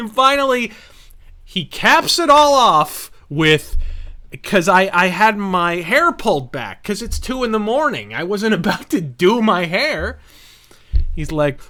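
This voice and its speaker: A man as host telling a profane, animated story with laughter while playing a game. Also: high-pitched. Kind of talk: casual storytelling while gaming.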